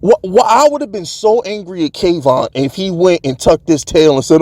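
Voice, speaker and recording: A man's voice: high-pitched, normal speed, few pauses, darkish tone, no room sound, clean studio sound. A man hosting his own sports channel, delivering a heated, fired-up commentary rant in streetwise slang.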